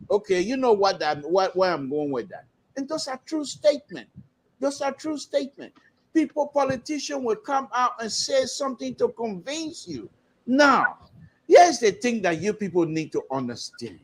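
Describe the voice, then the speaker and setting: A Liberian man arguing as a liberal commentator on a political talk show, animated and repeating phrases for emphasis. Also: high voice, measured pace, slightly rough. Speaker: panel guest, liberal commentator. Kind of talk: heated political debate. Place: remote call-in to a broadcast.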